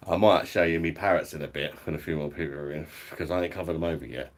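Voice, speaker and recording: A middle-aged beer reviewer hosts a live stream from home, his rumbling low voice moving fast as he chats casually. He swears, laughs often, and reads out the chat.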